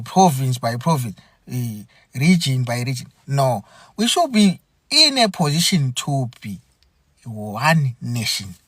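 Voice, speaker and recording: A man from Zimbabwe hosting a podcast, speaking an earnest, aggrieved monologue full of repeated phrases and halting restarts. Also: medium pitch, fairly bright tone, dry recording, clean studio sound. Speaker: podcast host. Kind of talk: impassioned spoken monologue.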